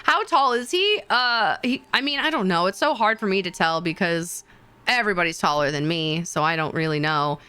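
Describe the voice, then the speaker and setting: Bright-voiced, excitable young woman streamer. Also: normal speed, clean tone. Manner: rambling and excitable, full of fillers, jumps into high squeals. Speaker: VTuber streamer. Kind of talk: casual stream chat with viewers.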